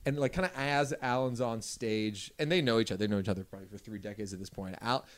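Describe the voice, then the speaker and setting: A man's voice: on the low side, fast talker. A man co-hosting a podcast, telling an anecdote in an enthusiastic, loose, casual way. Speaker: podcast co-host. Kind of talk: casual storytelling chat.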